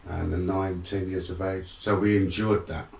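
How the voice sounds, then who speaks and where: Deep gravelly man, roomy sound. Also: normal speed, recorded from a distance. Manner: frank, streetwise, animated in re-enacted moments. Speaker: guest, motivational speaker. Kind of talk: candid personal storytelling.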